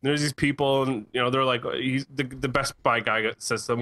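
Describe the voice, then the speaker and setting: A man co-hosting a casual podcast, telling animated stories and laughing often. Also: mid-range voice, brisk, few pauses. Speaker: podcast co-host. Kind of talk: casual chat, storytelling. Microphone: headset or desk mic in a live-streamed podcast.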